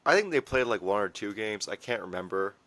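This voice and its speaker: A man's voice: lowish voice, animated, a little fast, fairly bright tone. A man hosting a casual sports podcast, running a trivia segment with a dry, teasing manner.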